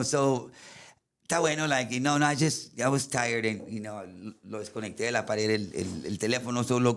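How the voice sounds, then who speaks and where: A man's voice: medium pitch, fairly bright tone. A middle-aged man with a Tejano accent, telling a painful personal story in rambling English mixed with Spanish, full of fillers. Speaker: guest recounting a story.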